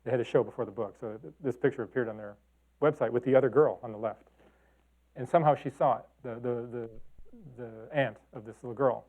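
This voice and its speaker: A middle-aged photographer from Chicago and Detroit gives a talk, chatting casually about his photographs and rambling with plenty of fillers and restarts. His voice is medium-pitched and darkish, and he speaks fairly quickly. The audio sounds tinny, like a phone.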